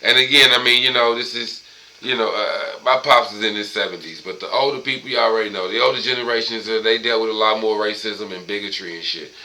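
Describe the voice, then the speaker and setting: Man, middle-aged, very bright sharp voice, casual profane solo monologue, rambling. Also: lowish voice, fast talker, poor audio. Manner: loose, profane street talk, rambling with tangents. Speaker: podcast host.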